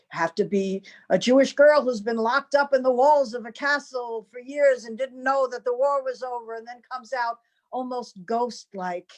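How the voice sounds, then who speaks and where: A woman hosts a variety show, introducing each performer at length. She gushes with praise, and her voice sits slightly higher than usual. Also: darkish tone. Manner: effusive, gushing praise. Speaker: host and curator.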